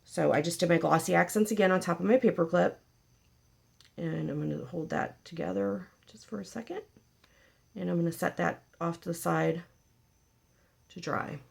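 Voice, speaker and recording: A woman's voice: fairly low pitch, normal speed, gravelly, long pauses, slightly rough. A woman hosting a casual paper craft tutorial, chatty and joking with her viewers as she works. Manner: chatty, jokey, talks to viewers while working.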